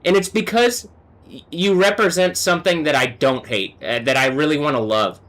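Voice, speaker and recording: A man delivers a live-stream monologue in a bright, forward tone that sits a little high for a man. His agitated, profane rant slides between low muttering and raised yelling. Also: normal speed. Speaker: livestreamer.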